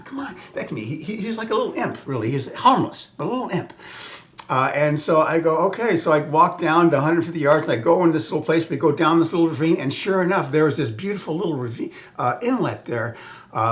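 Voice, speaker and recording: A man's voice: fairly high pitch, lively intonation, fairly quick, a bit bright. Rambling storyteller man with whispered asides. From Southern California. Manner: rambling, many restarts and fillers, chuckles, whispered asides.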